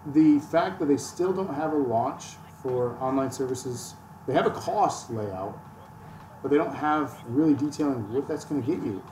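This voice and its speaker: A man on a gaming podcast rants about gaming with self-mocking jokes. His voice sits at a middle pitch. He is picked up from a distance in a roomy space with a little hiss behind. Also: expressive, normal speed, darkish tone. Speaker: podcast host. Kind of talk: casual chat. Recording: echoey room, distant mic, faint noise.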